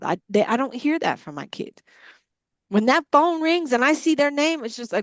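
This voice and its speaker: Brief: middle-aged woman, Bible study leader, frank and impassioned, higher-pitched voice, dry close sound. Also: sing-song, normal speed, no echo. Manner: blunt, impassioned, frank swearing. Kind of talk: candid group discussion.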